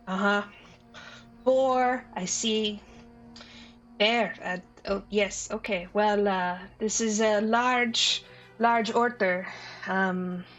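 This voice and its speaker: A woman voicing a tall, dry and weary noblewoman in a tabletop game, speaking in a hesitant, drawn-out way. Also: medium pitch.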